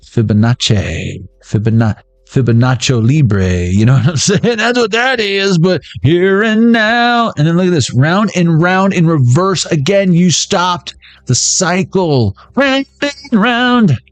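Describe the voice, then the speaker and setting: A man in a somewhat high register gives a casual tarot reading, joking and throwing in slang as he goes. He talks at an unhurried, slow pace. His voice sounds dry and close, with faint music underneath. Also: lively intonation, dry recording. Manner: playful and jokey, slangy banter. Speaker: tarot reader.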